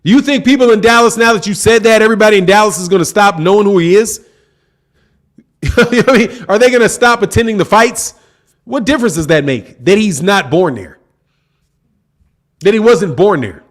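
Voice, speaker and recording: A man's voice: high voice, animated, fairly quick, long pauses. A man hosting a boxing channel, chatting casually on a livestream with lots of slang and frequent laughter. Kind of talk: casual livestream chat reading comments.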